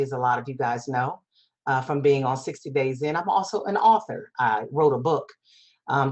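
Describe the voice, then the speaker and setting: A woman presenting a webinar, telling her own story in an earnest, emphatic way with many repetitions. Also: sits low. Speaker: webinar presenter and public speaker. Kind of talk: personal testimony talk.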